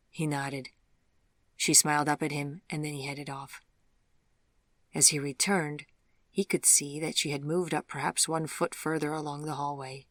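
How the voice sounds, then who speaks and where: A woman narrating a fairy-tale audiobook in a measured, even storytelling manner. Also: deep voice, no room sound, studio quality. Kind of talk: scripted narration.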